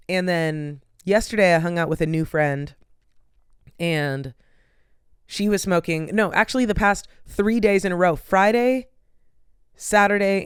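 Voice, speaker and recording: A woman's voice: on the low side, clean tone, no room sound, clean studio sound. A tired, yawning young woman hosting a podcast, chatting casually and rambling with lots of "like" and "um". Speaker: podcast host. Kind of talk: casual solo chat.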